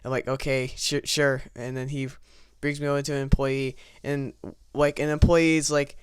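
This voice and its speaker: Over gameplay, a young man casually rambles through a self-deprecating story from his childhood, full of stammers and false starts. He speaks at normal speed in a mid-range voice that's clear and resonant, with little pitch movement. The audio is clean studio sound with no room sound.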